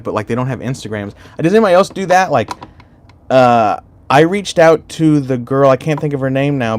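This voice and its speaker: A man hosting a casual livestream, rambling loosely and swearing freely while he chats with viewers. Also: medium pitch. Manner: rambling and profane, chatting to chat. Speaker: YouTube livestream host.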